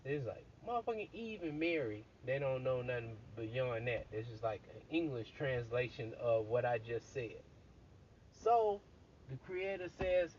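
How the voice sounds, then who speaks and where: A man casually retelling a story in a blunt, crude, animated way, full of profanity. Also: mid-range voice, a little slow, a little hiss or hum. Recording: dull lo-fi recording.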